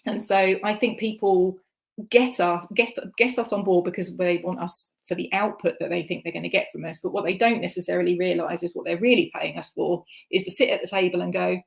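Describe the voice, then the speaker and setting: A woman's voice: fairly low pitch, steady tone, brisk, gravelly. A woman giving a conference presentation, chatty and self-deprecating, with frequent ums. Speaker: conference speaker. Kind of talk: presentation talk. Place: online conference session.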